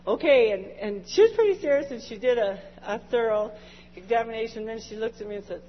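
A woman's voice: fairly high pitch, animated, a little fast, a little hiss or hum. A woman in church giving an emotional personal testimony. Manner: emotional, laughs and tearful at times. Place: church sanctuary. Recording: dull lo-fi church recording with long reverb.

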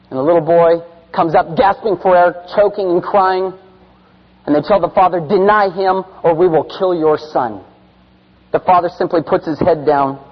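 A man preaching a sermon, swinging from loud, urgent delivery to hushed, near-whispered storytelling, then calling listeners forward. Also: fairly high pitch, husky. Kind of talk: sermon with altar call. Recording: dull reverberant hall sound.

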